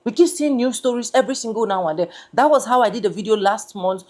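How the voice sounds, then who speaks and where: A woman's voice: fairly high pitch, fast, darkish tone. Woman commentary host, indignant, piles on repeated rhetorical questions. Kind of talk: reaction commentary.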